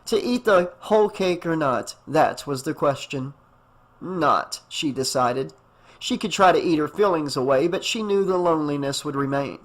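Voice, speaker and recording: A man narrating an audiobook in a steady, even storytelling manner. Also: fairly high pitch, moderate pace. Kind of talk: scripted narration.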